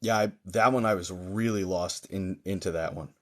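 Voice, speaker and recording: A man hosts a live-streamed psychic reading, his voice sitting a little lower than most. He feels his way through the session in a halting manner, full of pauses and fillers. His tone toward viewers stays gentle and reassuring. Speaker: psychic medium.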